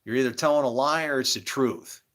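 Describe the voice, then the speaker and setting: A man giving a rambling spiritual monologue, an animated storyteller. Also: medium pitch, fairly quick. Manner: animated storyteller, acts out quoted voices.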